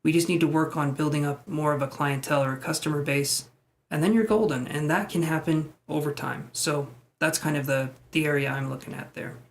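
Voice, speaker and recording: A man with a slightly high voice gives tarot readings on a live stream. He chats easily with his viewers and pokes fun at himself. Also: fairly even intonation, fairly quick, gravelly. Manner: chatty, self-deprecating. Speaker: tarot reader.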